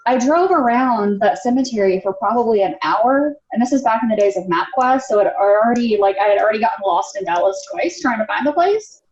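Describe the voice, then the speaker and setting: A woman's voice: on the high side, animated, brisk, hardly any pauses, a little mellow. Chatty woman guest with roomy, dull sound. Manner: candid, chatty, many fillers, acts out quotes. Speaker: podcast guest. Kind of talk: casual storytelling.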